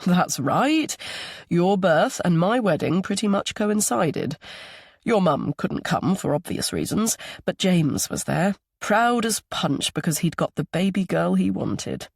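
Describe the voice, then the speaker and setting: A man voicing a kind, regretful older grandfather who speaks gently and politely. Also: high voice, sing-song, unhurried, vocal fry, husky, dry recording, clean studio sound, heavily acted. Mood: gentle.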